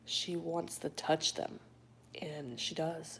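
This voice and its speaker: A woman hosting a late-night livestream, reading viewer comments in a soft, often whispered, affectionate way; she sounds sleepy. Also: low-pitched, slow, slight background noise. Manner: warm, affectionate toward viewers. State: sleepy but awake. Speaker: livestream host.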